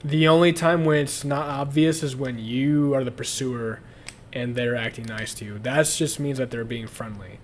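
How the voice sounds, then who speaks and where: A man's voice: medium pitch, steady tone, normal speed, a little hiss or hum. A young man chatting casually on a livestream, crude and rambling, often breaking into laughter. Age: young adult. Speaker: streamer.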